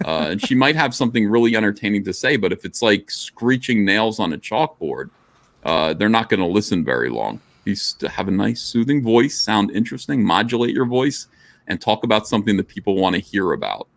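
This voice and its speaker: Blunt, low-voiced male stream host. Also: sing-song, a little fast, creaky, dry recording. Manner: blunt, profane, gives advice. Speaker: livestream show host. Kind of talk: casual livestream talk.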